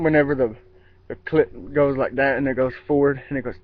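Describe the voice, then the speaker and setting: A man's voice: medium pitch, steady tone, fast talker. A man telling a rambling story outdoors in casual vlog style, with restarts and mimicked sound effects. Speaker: vlogger. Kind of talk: casual spoken anecdote. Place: outdoors in a yard. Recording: dull lo-fi with faint outdoor ambience.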